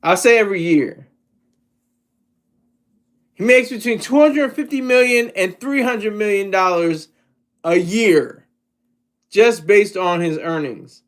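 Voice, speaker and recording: A man's voice: high-pitched, slow pace, pauses often. A man from Delaware giving rambling, jokey solo commentary, often cutting himself off mid-word. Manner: rambling, jokey, self-interrupting. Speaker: vlogger.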